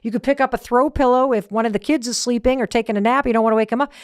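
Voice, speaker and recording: A woman's voice: fairly high pitch, fairly even intonation, rapid-fire, clear, resonant tone, dry recording. Woman host telling a story, emphatic and chatty, dry mic. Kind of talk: motivational talk.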